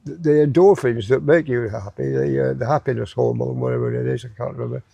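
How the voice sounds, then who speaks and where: A man's voice: mid-range voice, quick pace, gravelly, mellow, husky, dry recording, muffled recording. A man, a guest in a casual chat who repeats words while he finds them. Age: 80s.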